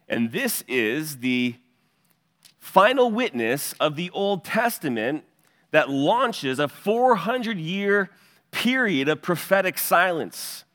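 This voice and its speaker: A man delivers an expository sermon, his voice sitting a little higher than most men's. He teaches with an earnest cadence and steers his listeners to the verses. His words ring out with a long reverb, as in a large church sanctuary. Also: a bit bright. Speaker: pastor.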